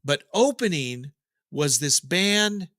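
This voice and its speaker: A man's voice: a little high, lively intonation, slow, fairly bright tone, no echo, clean studio sound. A middle-aged man hosting a daily rock news update, chatting casually with jokes and digressions. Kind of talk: casual rambling commentary.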